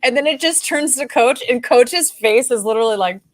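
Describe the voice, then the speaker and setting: Woman co-host, animated podcast talker, higher voice with a wide range, dry close recording. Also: brisk, no echo. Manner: animated, acts out quotes from the show. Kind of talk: casual podcast chat.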